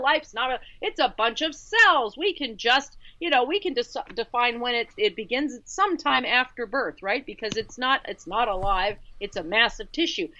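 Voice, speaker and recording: A woman's voice: lowish voice, sharp tone, no room sound, dull audio. Emphatic woman co-hosting talk radio. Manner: emphatic, repeats words while building a point. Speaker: radio show co-host. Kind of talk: casual talk radio commentary.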